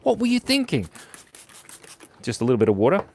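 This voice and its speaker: A playful Australian man hosts a kids' drawing stream, chatting and joking with viewers as he sketches. His voice swoops up and down constantly. He sits at a medium pitch for a man. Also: wildly swooping pitch, a little fast, creaky, a little hiss or hum. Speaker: art stream host. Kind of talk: live drawing stream for kids.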